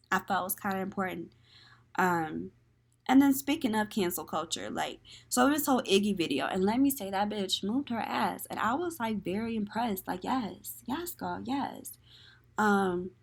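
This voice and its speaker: A woman hosting a solo podcast, talking candidly with lots of "like" and "um" and airing strong opinions. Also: on the low side. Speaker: podcast host. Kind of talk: casual solo podcast commentary.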